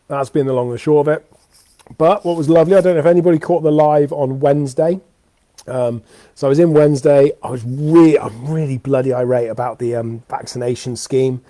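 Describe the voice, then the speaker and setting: Chatting off the cuff at home with his dogs, a young man with a British English accent rambles through his weekly live talk show, often saying um and starting over. His voice is warm and medium-pitched, recorded with no echo.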